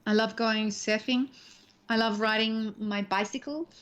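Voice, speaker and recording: A middle-aged woman, a guest actress, telling stories in a chatty, animated way in a casual interview from home. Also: fairly high pitch, unhurried, smooth. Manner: chatty, animated storyteller, laughs easily. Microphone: home video call. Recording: dull lo-fi call audio.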